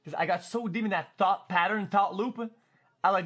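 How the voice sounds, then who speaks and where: This streamer is in his twenties and speaks with a French-Canadian accent, his voice sitting high at a moderate pace. Telling a story in casual chat, he gets excitable, swears without holding back, and trips over repeated words.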